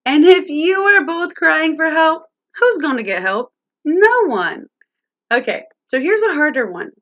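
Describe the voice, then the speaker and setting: A woman's voice: sits high, big pitch swings, unhurried, fairly bright tone, dull audio. A woman presenting a live-streamed teaching talk on parenting, speaking directly to viewers and their chat.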